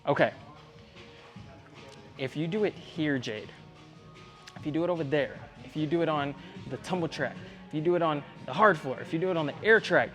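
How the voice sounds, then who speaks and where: A man's voice: on the high side, normal speed, pauses often, a bit bright, faint music behind. A man coaching a young athlete one-on-one in a gym, speaking directly and earnestly, often checking whether she believes him. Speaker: tumbling coach.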